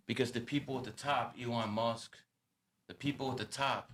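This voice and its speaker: A man's voice: medium pitch, steady tone, moderate pace, a bit bright, a little hiss or hum. A man hosting a podcast, giving blunt and profane advice in a lecturing tone. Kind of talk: casual podcast talk.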